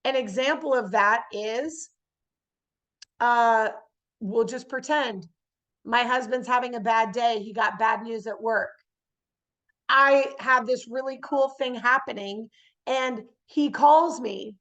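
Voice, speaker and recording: A woman giving a motivational spiritual talk. She often checks in with her listeners by asking "yes?" and acts out everyday scenes in lively voices. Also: a little high, slow. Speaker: spiritual speaker.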